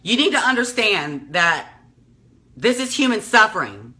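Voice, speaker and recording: A woman's voice: medium pitch, big pitch swings, a little slow, bright, forceful tone. A woman in her thirties making an impassioned, emotional appeal, tearful and pleading, often repeating herself. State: tearful, crying at times. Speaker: speaker addressing the public.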